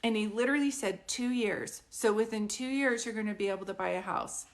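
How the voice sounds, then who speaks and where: A woman's voice: medium pitch, brisk. Chatty woman giving a psychic reading. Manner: chatty, keeps checking "does this make sense". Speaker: psychic medium. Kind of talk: live-streamed group reading.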